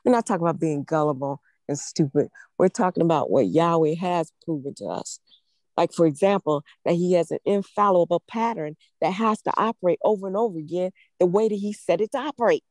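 A woman's voice: fairly low pitch, fairly quick, darkish tone, dry recording. A woman preaching a sermon in a fervent, emphatic way, repeating phrases for stress. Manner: fervent, emphatic, with emotional laughs.

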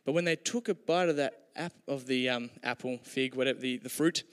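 A man's voice: medium pitch, a little fast. A man giving a conversational, humorous sermon with storytelling, with hesitations, in a hall with long reverb. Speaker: preacher.

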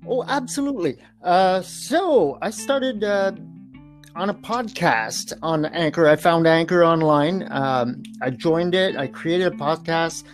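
A man's voice: fairly high pitch, unhurried, soft background music. A Canadian man with a Canadian accent, a guest talking loosely and swearing, with frequent laughs. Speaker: podcast guest. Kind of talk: casual podcast chat.

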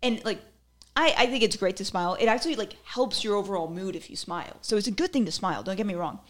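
A young woman with an expressive, medium-pitched voice talks quickly on her own podcast. She chats casually as the solo host, peppering her talk with "like" and giggly little asides.

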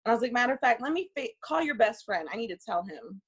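A woman's voice: on the high side, fast talker, slightly rough. Young woman telling a story, laughing. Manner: animated, laughing, profane. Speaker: guest telling a dating story. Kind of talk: casual storytelling.

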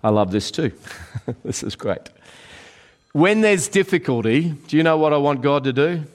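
A man's voice: on the high side, animated. Earnest preacher man. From Australia. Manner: earnest, slows and softens on key phrases. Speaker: pastor. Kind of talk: sermon.

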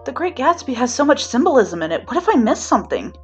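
A woman reading a story aloud, voicing an eager, cheeky young male student who talks in excited, pleading bursts. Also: sits high, fast, soft background music, voice pushed up.

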